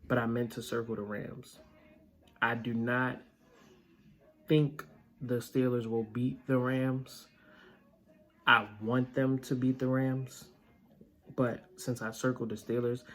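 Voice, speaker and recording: A man hosting a casual sports picks vlog, blunt and opinionated, with plenty of filler words. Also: medium pitch. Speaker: vlog host.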